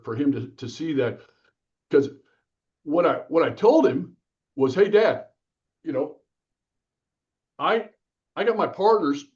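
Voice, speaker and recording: A man's voice: medium pitch, lo-fi sound. A man being interviewed as an author, telling stories energetically and acting out the quotes. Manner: energetic, lively, acts out quotes. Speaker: author and guest. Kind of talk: casual interview storytelling.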